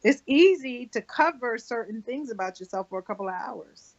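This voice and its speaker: A woman co-hosting a casual chat show, talking in a quick, playful, chatty way. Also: fairly high pitch, lively intonation, dull audio. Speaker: podcast co-host.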